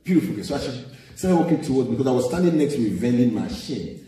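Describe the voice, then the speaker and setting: Nigerian-accented male comic, middle-aged, lively stage delivery, distant echoing hall sound. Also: mid-range voice, fast. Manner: animated, acting out voices in anecdotes. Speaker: stand-up comedian. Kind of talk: live stand-up storytelling. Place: large live venue with audience laughter. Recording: very echoey hall from far off.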